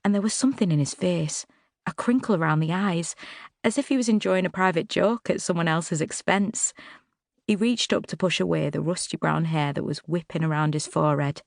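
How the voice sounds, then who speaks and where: Low-voiced woman narrating an audiobook. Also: a little fast, gravelly, no echo, studio quality. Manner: expressive, wry storytelling. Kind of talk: first-person novel narration. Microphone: close studio mic.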